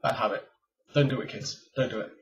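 A man's voice: mid-range voice, fairly quick, gravelly. A man of twenty-eight from England, chatting casually at home into a webcam, rambling and self-deprecating with lots of ums. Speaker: vlogger. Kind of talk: casual tag vlog chat. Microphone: webcam mic. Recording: dull lo-fi webcam sound, a bit far from the mic.

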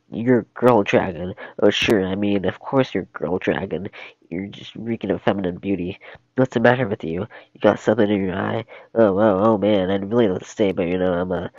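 A man's voice: on the low side, a little mellow, no room sound, close to an everyday voice. Man reading as a jittery talking donkey. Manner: rambling, jittery, motor-mouthed. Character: chatty nervous talking male donkey. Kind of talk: solo script reading on stream. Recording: dull lo-fi stream audio.

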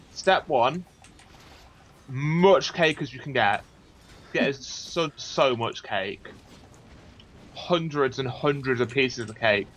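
A man's voice: medium pitch, a little hiss or hum. A man joking around in casual chat with a friend while playing an online game. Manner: playful, joking, animated, laughs often. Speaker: co-player.

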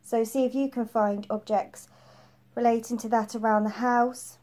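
A woman's voice: a little high, level tone, normal speed, mellow. A woman preschool teacher giving a phonics lesson to young children, patiently repeating each letter sound.

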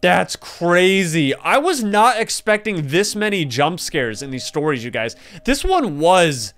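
A young man playing a game on his channel, reading dialogue aloud and reacting with excited commentary to viewers. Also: high voice, measured pace. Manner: excitable, gasping, laughing, addresses viewers as you guys. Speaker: gaming YouTuber.

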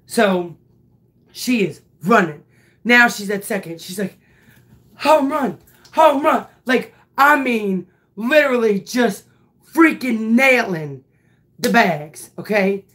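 A woman who coaches softball and teaches, telling a story in an animated, emphatic way with casual swearing. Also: mid-range voice, takes it slowly.

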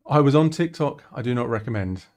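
A man's voice: medium pitch, lively intonation, brisk, a little mellow. A man chatting casually on a live stream while working on a song, talking things through and poking fun at himself. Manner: chatty, self-deprecating, thinking aloud. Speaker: musician streaming his song production.

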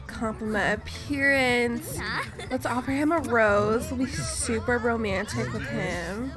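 A woman's voice: on the high side, measured pace. A woman hosting a gaming channel, giving casual gameplay commentary in a chatty, mock-exasperated way and scolding the characters on screen. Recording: voice over clear background music. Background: background music.

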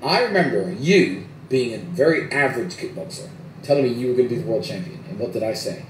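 A man's voice: mid-range voice, lively intonation, quick pace. A man talking heatedly in casual chat, emphatic and profane, repeating himself for stress. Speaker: media personality. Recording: echoey room from a distance, faint hiss.

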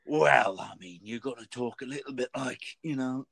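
Man doing a gravelly, urgent Tenth Doctor. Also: mid-range voice, normal speed, fairly bright tone, no echo, voice pushed up.

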